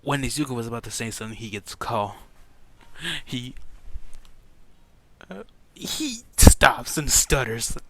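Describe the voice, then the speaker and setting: A man tells an improvised story casually, stumbling over words and correcting himself. He talks slowly with lively, swinging pitch. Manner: rambling, stumbling and self-correcting. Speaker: fan storyteller.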